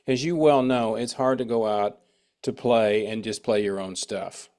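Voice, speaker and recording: A man's voice: fairly low pitch, steady tone, unhurried, a little mellow. A middle-aged man hosting an interview, telling rambling anecdotes with frequent restarts in casual chat. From United States. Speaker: interview host.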